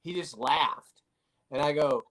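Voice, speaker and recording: A man's voice: on the high side, fairly bright tone, low-quality recording. Man telling a self-mocking story. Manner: self-deprecating storyteller, halting restarts. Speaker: guest. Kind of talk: casual chat.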